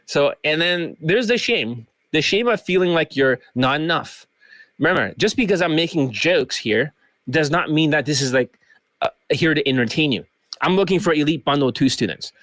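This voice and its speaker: A man's voice: a little high, animated, moderate pace, fairly bright tone, dry recording. A man coach talking in a rambling, joking vlog rant. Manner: rambling, joking, slips into mock accents.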